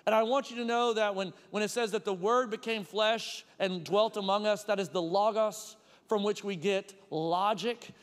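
A man's voice: high voice, fairly even intonation, moderate pace, hardly any pauses, clear, resonant tone, long reverb tail. A man preaching a casual, conversational sermon, full of personal stories and "like" fillers. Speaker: pastor.

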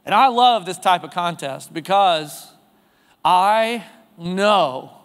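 High-voiced pastor preaching in a reverberant church. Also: male voice, lively intonation, a little slow. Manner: conversational preaching, asks the congregation questions. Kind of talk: sermon. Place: church sanctuary.

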